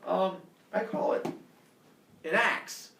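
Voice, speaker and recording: A man's voice: high-pitched, very slow, vocal fry, bright, forceful tone, a little hiss or hum, voice pushed up, exaggerated voice. A man voicing a cheerful, overeager male smith god who explains things in a chipper, matter-of-fact way. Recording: echoey classroom from a distance.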